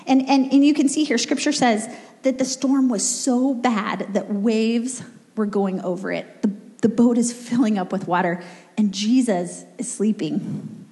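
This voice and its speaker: A woman's voice: a little high, unhurried. Woman telling a story in a reverberant hall. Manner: relaxed storytelling with fillers. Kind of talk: sermon. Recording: long reverb of a large hall.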